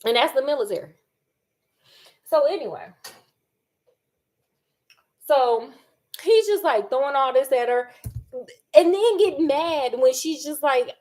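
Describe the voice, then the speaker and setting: Woman vlogger, high voice, animated and sassy, casual kitchen chat. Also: takes it slowly, long pauses. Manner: animated and sassy, acts out quotes. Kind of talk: casual chat while cooking.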